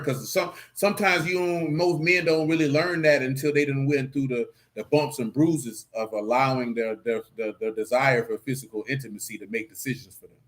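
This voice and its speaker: A man teaching scripture in a casual stream, joking and swearing in street slang, with sudden animated outbursts. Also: a little high. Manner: animated preaching with rising outbursts. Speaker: Bible teacher.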